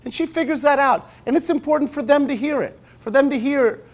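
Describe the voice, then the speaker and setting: A male teacher giving a conference presentation in a conversational way, slowing down when he reads aloud. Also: very high-pitched. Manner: conversational, with restarts; slows down when reading aloud. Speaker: teacher presenting at a university talk.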